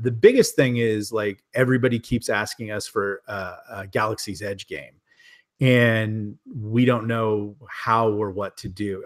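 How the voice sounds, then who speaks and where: A man on a podcast as a guest publisher, chatting casually and rambling with lots of fillers and restarts over a remote call. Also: mid-range voice. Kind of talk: casual chat.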